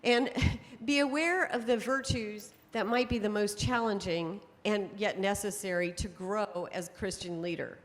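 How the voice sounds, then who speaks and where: A middle-aged woman giving a conference talk to an audience, telling stories in a lively way and laughing often. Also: medium pitch, measured pace, few pauses. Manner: lively storytelling with frequent laughs. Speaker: speaker on temperament psychology. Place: conference hall. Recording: long hall reverb.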